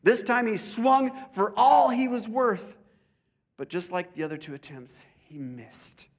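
A male pastor preaching a sermon at a church service, deliberate and slowing down to stress key points. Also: very high voice, animated. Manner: deliberate, slows down for emphasis.

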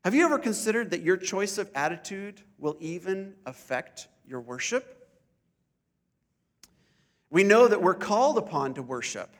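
A male pastor preaching a sermon at a church service, deliberate and slowing down to stress key points. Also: sits high, animated. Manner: deliberate, slows down for emphasis.

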